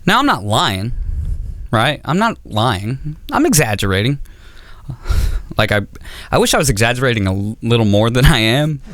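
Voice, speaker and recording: A stand-up comedian with a medium-pitched, sing-song voice speaks at normal speed with long pauses and a fairly bright tone, plus a little hiss or hum. On a comedy auditorium stage, he rambles and mocks himself, stammering and restarting.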